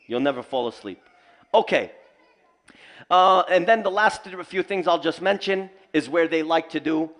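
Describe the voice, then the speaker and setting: A man teaching at a community center, telling stories with humor and lively asides. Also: fairly high pitch, normal speed. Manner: animated storytelling with humor. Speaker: Islamic teacher. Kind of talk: community lecture. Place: mosque community hall.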